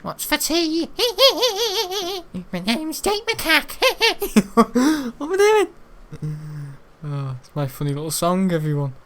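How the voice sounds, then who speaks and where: A shrill, goofy lad with monkey ways, as a young man puts him on. The voice jumps far above his usual pitch, yelping and silly. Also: huge pitch swings, slow pace, pauses often, fairly bright tone, heavily acted.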